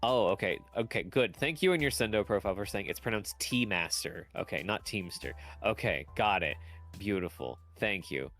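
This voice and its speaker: A man's voice: fairly low pitch, lively intonation, normal speed, a bit bright, soft background music. A man doing casual esports commentary, rambling and self-deprecating, often laughing as he talks. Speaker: tournament commentator.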